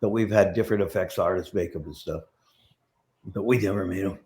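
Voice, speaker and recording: A middle-aged man with a fairly low voice tells backstage stories in a loose, rambling way. He restarts his sentences often and slips into the voices of the people he quotes. The feel is relaxed interview talk. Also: a little fast. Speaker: guest, prop master. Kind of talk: casual interview storytelling.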